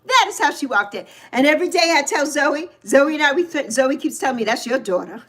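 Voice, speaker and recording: A woman in her sixties hosts a casual livestream and tells a story in a lively, chatty way. Her voice sits high, and she stops now and then to greet viewers by name. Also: brisk. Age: 60s. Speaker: livestream host.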